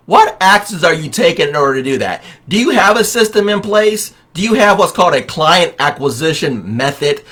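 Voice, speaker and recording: Animated, preachy male sales coach. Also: on the high side. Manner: energetic, preachy, with rhetorical questions. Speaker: real estate coach. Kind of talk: motivational livestream talk.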